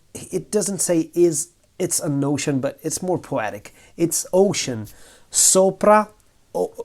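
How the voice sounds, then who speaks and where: Man teaching lyrics slowly. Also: a little high, a little mellow. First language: Italian. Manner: slow, thinking aloud, switching between Italian and English. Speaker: Italian language teacher. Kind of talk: lyrics translation lesson.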